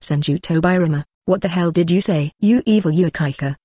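Angry old ninja guy, flat tts read, dry sound. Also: mid-range voice, a little fast, no echo, natural voice. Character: hot-tempered male ninja elder.

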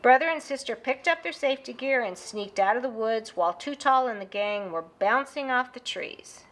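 A woman reads a children's storybook aloud in a lively, expressive way. Her voice is bright and sits a little high, with a clear, forward tone. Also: normal speed. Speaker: narrator. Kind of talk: scripted storybook narration.

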